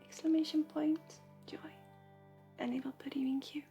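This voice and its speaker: A woman speaks softly and gently, often sliding into a half-whisper, as she hosts a livestream of intuitive readings and healing. Her voice sits high and carries a gravelly edge of vocal fry. Faint music plays underneath. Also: level tone, normal speed. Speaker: intuitive reader and healer.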